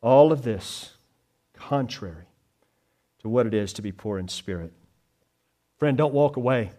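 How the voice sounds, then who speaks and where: A man preaching a sermon, moving between loud, emphatic declarations and hushed, pleading appeals to his listeners. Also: mid-range voice, expressive, measured pace. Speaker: pastor.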